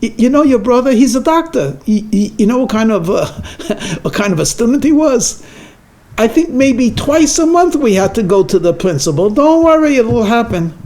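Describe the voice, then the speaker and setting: A man's voice: very high-pitched, big pitch swings, moderate pace, a little mellow, pitched above the performer's own voice, full character voice. A rabbi voicing a doting, reassuring elderly mother in a joke during his lecture. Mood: soothing. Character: doting elderly Jewish mother, soothing, unflappable.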